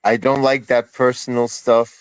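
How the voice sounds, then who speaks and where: Soft-spoken older man, halting delivery. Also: medium pitch, little pitch movement, smooth, no echo. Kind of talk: casual sports chat.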